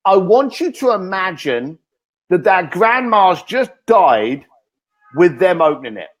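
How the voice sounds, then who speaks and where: A man, a guest author in an interview, telling energetic stories and acting out the lines he quotes. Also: high voice, measured pace, faint music behind. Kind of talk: animated interview talk.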